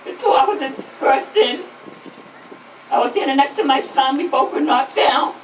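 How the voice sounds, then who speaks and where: A high-pitched woman in her fifties speaks out at an outdoor rally, emphatic and driven, returning again and again to her slogans. She is heard from a distance through an echoey sound, with traffic audible behind her. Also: lively intonation, normal speed. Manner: emphatic, repeats slogans, voice rising to shouts. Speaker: grieving mother speaking at a rally. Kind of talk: impassioned public speech.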